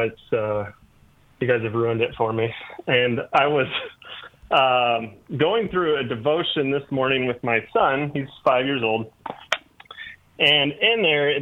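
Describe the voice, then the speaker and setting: Male radio caller, tinny phone line, friendly and halting delivery. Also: medium pitch. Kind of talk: casual phone call.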